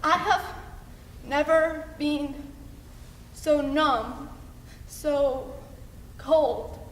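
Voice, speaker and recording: A teenage girl performing a solo dramatic monologue with intense, halting, emotional delivery, in an echoey hall. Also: high-pitched, fairly even intonation, slight background noise. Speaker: student performer. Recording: echoey hall, faint ambience.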